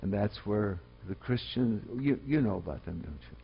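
A man preaching a sermon, swinging from loud, emphatic exhortation to quiet, personal storytelling. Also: lowish voice, expressive, normal speed, gravelly, husky, highs cut off. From Colorado.

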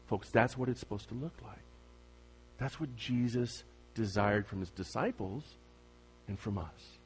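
A man preaching a sermon as pastor, asking his congregation questions and swinging from loud emphasis to soft, quiet asides. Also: lowish voice, unhurried, slight background noise.

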